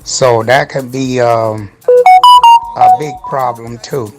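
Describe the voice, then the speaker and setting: A man hosting a casual radio show, giving shout-outs in an upbeat, loose and slangy way. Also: medium pitch, fairly even intonation, takes it slowly, loud music behind the voice. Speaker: radio host.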